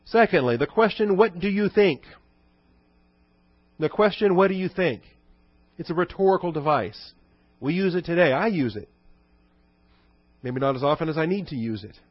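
A man preaching an expository sermon to his congregation, teaching conversationally and reading scripture quotes slowly and low. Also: animated, no echo. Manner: conversational teaching with rhetorical questions. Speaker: pastor. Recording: dull dry recording.

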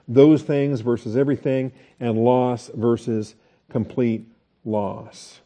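A man's voice: mid-range voice, fairly even intonation, takes it slowly, dark tone. A man teaching a Bible study lecture in a conversational way, asking the class questions and restarting his sentences.

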